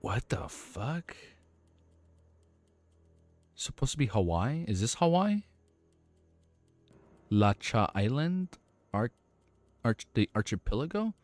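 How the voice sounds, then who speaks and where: Male streamer, mid-pitched, voice a bit worn, reading a book aloud with stumbles and emotional asides, dry close sound. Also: very animated, takes it slowly, long pauses, a little mellow, no room sound, soft background music. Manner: stumbles and rereads lines, emotional, swears casually. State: voice getting worn. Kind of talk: reading a novel aloud on a livestream, with reactions.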